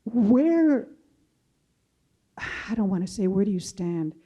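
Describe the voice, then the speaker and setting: A woman from Chicago speaking as a panelist, telling a story in a measured way. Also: medium pitch, sing-song, mellow, husky, muffled recording. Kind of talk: casual panel discussion.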